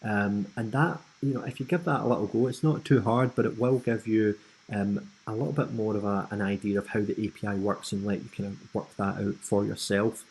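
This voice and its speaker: Husky-voiced Scottish man teaching software. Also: fairly low pitch, fairly even intonation, a little fast, poor audio. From Scotland. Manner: casual and friendly, with frequent ums and asides. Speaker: tutorial host. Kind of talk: screen-recorded software tutorial.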